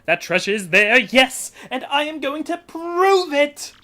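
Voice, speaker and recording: A pompous, flamboyant rich male trader, put on by a woman reading game dialogue aloud. He declares everything in grand, theatrical swoops, his voice pushed higher than hers and swinging widely. It is video game let's play voicing, not studio acting. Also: sing-song, unhurried, bright, forceful tone, exaggerated voice. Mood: excited.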